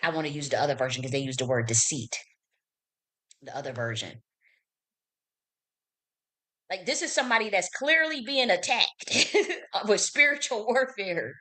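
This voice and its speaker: Hosting a live stream through a streaming setup, a woman with a fairly low, sharp-toned voice delivers a casual, profane and emphatic monologue, pausing now and then to read verses aloud.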